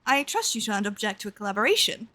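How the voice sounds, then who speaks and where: A woman voicing an excitable, tactless young male scholar who speaks in formal, old-fashioned phrases. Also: medium pitch, fast talker. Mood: eager.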